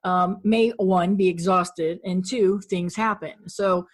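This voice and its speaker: A woman's voice: on the low side, fairly even intonation, takes it slowly. Upbeat woman podcast host. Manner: upbeat, speaks to listeners directly. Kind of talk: casual interview hosting.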